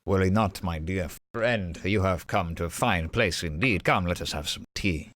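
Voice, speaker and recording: A man voicing an older male dwarf noble who speaks in a genteel, formal, warmly polite way. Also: low voice, moderate pace, dry recording. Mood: courteous.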